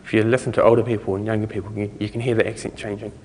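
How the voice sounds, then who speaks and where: A New Zealand-accented man gives a technical conference talk on speech recognition, loose and self-correcting, chuckling now and then. His voice is fairly low and darkish, delivered flat at a racing pace. A long hall reverb trails the recording.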